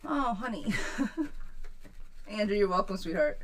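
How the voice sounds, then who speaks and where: A woman's voice: lowish voice, lively intonation, moderate pace, a bit bright. A woman giving a live-stream tarot reading. She reads viewers' questions aloud and answers them bluntly, swearing freely. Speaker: tarot reader.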